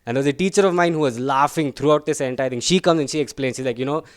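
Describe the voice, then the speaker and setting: A young man tells a stand-up story in a chatty, self-deprecating way. His voice is smooth and clear, sitting in a middle register. The sound is close and dry, with no room echo. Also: mid-range voice, racing. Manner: chatty, self-deprecating, tags lines with "right?" and "guys". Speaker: stand-up comedian. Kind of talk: stand-up comedy set.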